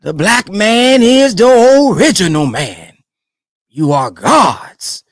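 A man giving casual commentary on speech clips, animated and colloquial, repeating phrases for emphasis. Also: high voice, slow pace, slightly rough, no echo, studio quality.

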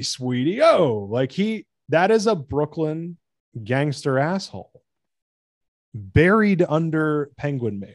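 An American man talking excitedly in a casual podcast chat, rambling and swearing. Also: on the high side, no room sound, studio quality. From United States.

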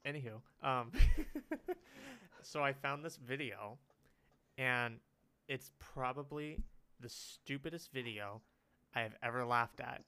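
A man's voice: medium pitch, animated, takes it slowly, long pauses, sharp tone. A young man telling rambling stories on a casual podcast, laughing often. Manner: giggly, rambling storyteller. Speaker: podcast co-host. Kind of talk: casual chat.

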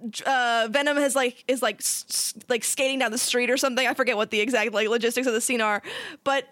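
A woman co-hosting a casual chat, animated and giggly. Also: fairly high pitch, fast talker, no room sound, clean studio sound. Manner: animated, giggly, does silly voices. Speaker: podcast co-host.

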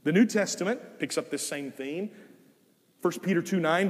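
An older man preaching a sermon, earnest, swinging from loud emphasis to soft, drawn-out phrases. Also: on the high side, long reverb tail. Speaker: guest preacher. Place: church sanctuary.

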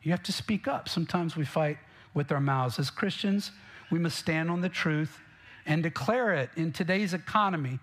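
A man's voice: a little high, a bit bright. Emphatic preacher, man. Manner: emphatic preaching, direct questions to the congregation. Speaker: pastor. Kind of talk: sermon.

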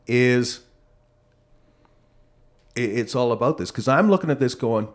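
A man's voice: medium pitch, expressive, measured pace. Earnest man in casual podcast debate. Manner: earnest, restarts his phrases often. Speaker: podcast co-host.

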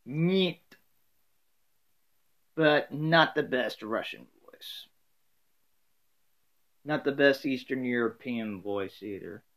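A man's voice: medium pitch, takes it slowly, long pauses, a bit bright. A man hosting a casual solo talk from home, rambling with many fillers and restarts.

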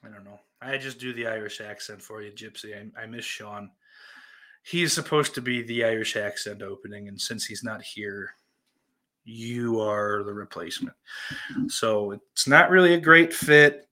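With a lowish voice at a moderate pace, a man hosting a podcast chats casually on a live stream, welcoming viewers. His banter is rambling, profane, and self-mocking, swinging from muttered asides to loud outbursts.

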